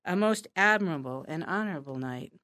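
A woman's voice: low-pitched, lively intonation, a little fast, fairly bright tone, no echo. A woman reading aloud as an earnest teenage girl in love, breathless and emotional.

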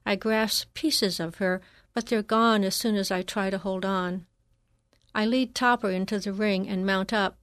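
Measured woman reading a memoir. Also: medium pitch, fairly even intonation, a bit bright, clean tone, no echo, clean studio sound. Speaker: narrator. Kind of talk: first-person memoir reading.

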